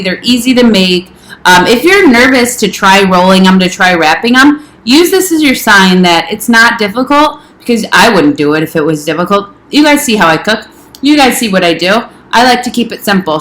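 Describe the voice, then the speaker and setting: A woman's voice: mid-range voice, fairly bright tone, echoey room, rough recording. Chatty woman vlogging while eating. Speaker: health coach. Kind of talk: casual vlog chat.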